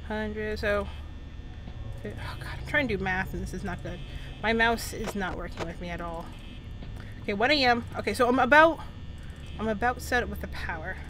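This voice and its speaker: A woman's voice: medium pitch, normal speed, pauses often, noisy background. A young adult woman commentating a horror game, jumpy and nervous, babbling and swearing constantly. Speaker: gaming channel host.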